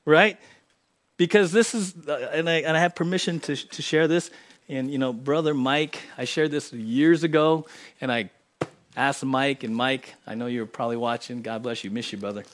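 A man preaching a sermon in church, swinging from loud emphatic lines to quiet, low asides. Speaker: pastor. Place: church sanctuary.

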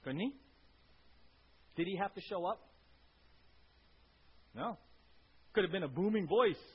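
A male pastor giving a conversational sermon with an animated delivery, often checking in with the congregation by asking "right?". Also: high voice, a little slow, husky. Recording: dull lo-fi recording with faint hiss.

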